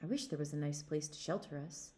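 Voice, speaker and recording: A woman's voice: low-pitched, brisk, warm tone, close to an everyday voice. Storybook boy hero, honest and curious, voiced by a woman. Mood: earnest. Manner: simple, wondering and earnest. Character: plain-spoken young lad in a goatskin.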